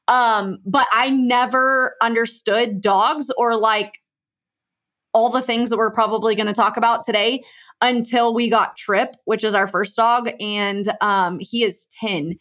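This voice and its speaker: Chatty woman guest with a higher voice who acts out dialogue in her stories. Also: a bit bright. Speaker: podcast guest. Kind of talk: casual storytelling.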